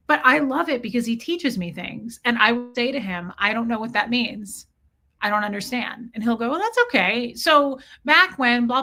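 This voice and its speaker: A middle-aged woman chatting candidly on her live stream, answering viewer comments and swearing freely as she talks about her ex. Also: medium pitch. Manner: candid and animated, swears, mocks a condescending ex in quoted voices.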